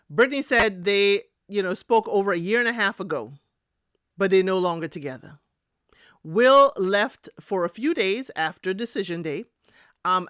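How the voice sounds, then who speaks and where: A woman's voice: mid-range voice, dry recording, studio quality. A woman, casually recapping a reality show for her listeners and talking straight to them. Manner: animated, chatty, addresses listeners as y'all. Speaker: recap podcast host.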